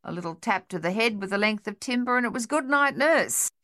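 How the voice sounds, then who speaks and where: A woman's voice: a little high, expressive, brisk, pushed and bright, pitched above the performer's own voice. A woman voicing a cheeky young male soldier in an audiobook, jaunty and boastful.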